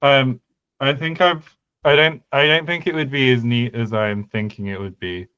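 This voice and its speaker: A man's voice: mid-range voice, fairly even intonation, moderate pace, sharp tone, smooth, no echo, dull audio. A man co-hosting a casual podcast chat, thinking aloud with hesitant restarts. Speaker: podcast co-host. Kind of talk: casual chat about conlang sound changes.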